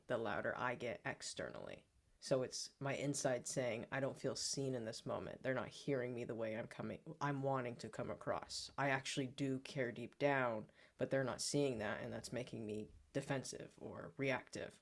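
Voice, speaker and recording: A man's voice: mid-range voice, gravelly. Earnest man sharing personal reflections. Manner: earnest, self-reflective, therapy-style language. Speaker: podcast co-host. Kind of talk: personal storytelling on a podcast.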